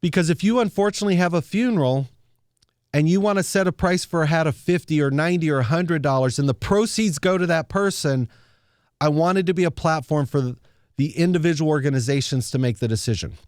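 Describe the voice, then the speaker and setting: Man, motivational speaker; heartfelt storytelling, a touch higher pitched. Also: fairly quick, darkish tone, no echo, clean studio sound. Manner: earnest, emotional storytelling with repeated words. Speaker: speaker sharing a founder story. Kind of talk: motivational talk.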